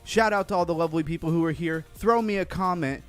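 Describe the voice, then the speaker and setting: A man's voice: a little high, fast, soft background music. A man hosting a casual crypto livestream, upbeat and rambling, a little out of breath after cardio. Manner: upbeat, reads chat names aloud, rambling. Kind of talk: casual live-stream chat.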